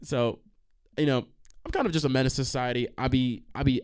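A young man hosting a podcast, telling stories in a casual, rambling way, swearing freely and breaking into quick asides and restarts. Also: medium pitch, smooth. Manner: animated, profane, trails into quick asides and restarts. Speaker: podcast host.

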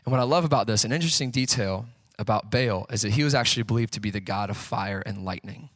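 A pastor preaches conversationally, asking rhetorical questions and acting out the quotes he shares. His fairly low voice moves fast in a dry recording.

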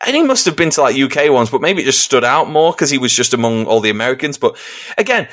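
A man with an English accent, co-hosting a casual podcast chat and telling sweary stories with acted-out shouts. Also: medium pitch, big pitch swings, quick pace. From England. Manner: sweary storytelling, acting out shouted quotes. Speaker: podcast co-host.

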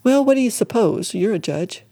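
A stubborn old deacon brags about his new horse, as a reader plays him. The voice stays close to the reader's own, mellow and dark-toned. He talks plainly, with a rival always on his mind, in an old-fashioned storybook. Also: medium pitch, animated, moderate pace, pitched above the performer's own voice. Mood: boastful.

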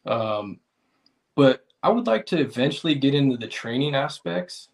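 A man's voice: medium pitch, lively intonation, normal speed, vocal fry. Laid-back American man as podcast guest. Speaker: podcast guest, car detailer. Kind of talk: casual podcast interview.

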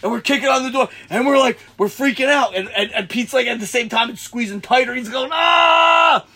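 A young man with a husky voice telling a rowdy story in casual chat, swearing freely and shouting out the quoted lines. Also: very high-pitched, fast talker. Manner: animated, swears a lot, shouts when acting out quotes.

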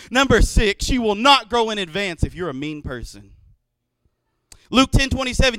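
High, bright-voiced animated pastor. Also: male voice, smooth, dry recording. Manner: animated storytelling with acted-out quotes. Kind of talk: sermon. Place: church.

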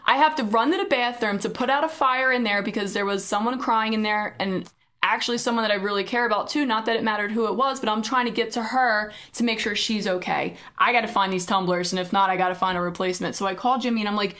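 A woman's voice: mid-range voice, quick pace. A woman co-hosting a podcast, telling a hectic story in casual chat and acting out what people said. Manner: animated storytelling, acting out quoted dialogue. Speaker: podcast co-host.

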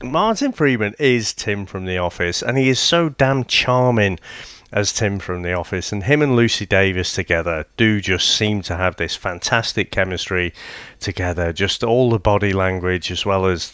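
A man's voice: low-pitched, a bit bright, smooth, no echo, clean studio sound. A man co-hosting a podcast, casually discussing a TV show, laughing easily and speaking expressively. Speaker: podcast co-host. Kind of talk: casual chat reviewing a TV show.

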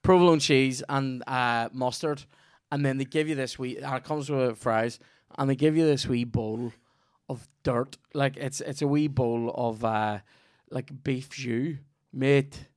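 A man's voice: medium pitch, fairly even intonation, unhurried, few pauses, dry recording, clean studio sound. A Northern Irish man hosting a podcast, rambling through a profane, jokey sponsor read. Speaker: podcast host. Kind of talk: sweary comedic ad read.

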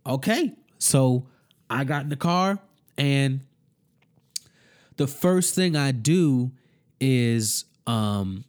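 A man telling a story in casual, profane speech, animated and acting out the other people in it. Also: medium pitch, drawn-out words, long pauses. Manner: animated, swearing, acts out every voice.

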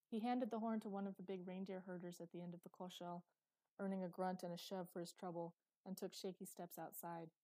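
Low, mellow woman narrating a story. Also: steady tone, a little fast, dry recording, rough recording. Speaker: audiobook narrator. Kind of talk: scripted dark fantasy narration.

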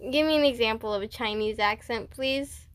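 A woman co-hosting a podcast in casual chat, giggly and playful, quick to protest and laugh. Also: on the high side, dry recording. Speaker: podcast co-host.

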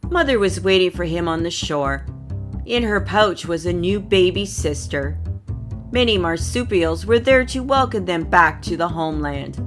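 A woman reading a children's storybook aloud in an expressive way. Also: on the low side, faint music behind. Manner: expressive, slow.

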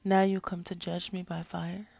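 A woman's voice: lowish voice, flat delivery, moderate pace, vocal fry, darkish tone, no room sound. A woman voicing a raging fallen angel. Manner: growling, moaning, bursts into screams. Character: tormented male fallen angel, bitter and raging.

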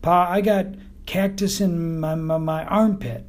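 A man with a Texan accent voicing a dim young male buzzard who whines and stammers slowly in an audiobook. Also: high voice, steady tone. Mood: whiny. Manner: slow, stammering, whiny. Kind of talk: audiobook character voice.

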